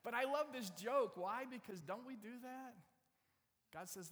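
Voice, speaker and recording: A man's voice: very high-pitched, measured pace, fairly bright tone, long reverb tail. A man preaching a sermon in a conversational way, often asking the audience questions. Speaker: pastor.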